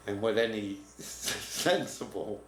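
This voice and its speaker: A man in his seventies, a writing teacher, telling a personal story in a reflective, halting way. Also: fairly low pitch. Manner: reflective, halting, restarts mid-word. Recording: roomy echo, faint room noise.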